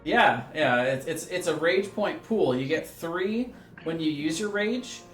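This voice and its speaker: A man running a tabletop role-playing game as dungeon master, explaining rules in a relaxed way with many fillers. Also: on the high side, unhurried, reverberant, faint music behind.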